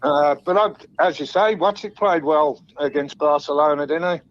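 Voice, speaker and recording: Sweary caller on a dull phone line. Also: male voice, a little high, fairly even intonation, normal speed. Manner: swears freely, laughs often. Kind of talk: phone-in chat.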